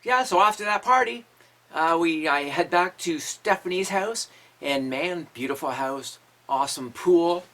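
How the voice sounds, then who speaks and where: This Canadian man in his fifties hosts his own show as a musician, and his mid-range voice has a fairly bright tone. He delivers a loose storytelling monologue full of crude tales, cursing and frequent laughter.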